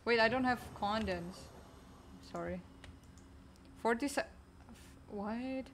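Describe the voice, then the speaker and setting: A woman's voice: on the high side, slow pace, fairly bright tone, slight background noise. A woman streamer chatting casually while gaming, answering chat in a chatty, distracted way.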